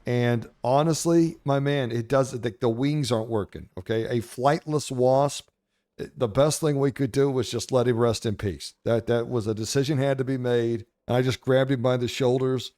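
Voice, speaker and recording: Medium-pitched and mellow, at a moderate pace, a middle-aged man running a gaming channel tells brash, profane, jokey stories that ramble on over his gameplay commentary.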